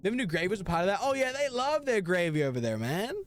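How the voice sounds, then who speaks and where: A man's voice: high-pitched, sing-song, quick pace. A young man live-streaming a video game, chatting casually and answering his chat with slang.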